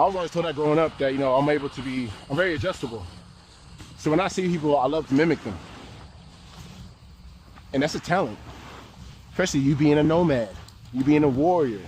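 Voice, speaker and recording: A young American man vlogging outdoors, talking in a slangy, laid-back, animated way as he walks city streets. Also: a little high, slight background noise. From United States. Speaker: travel vlogger. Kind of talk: casual walk-and-talk vlog.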